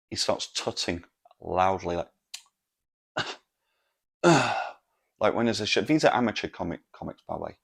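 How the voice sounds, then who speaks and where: A man's voice: on the low side, creaky. A man hosting a solo comedic podcast, telling a story in an exasperated rant full of swearing. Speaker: podcast host.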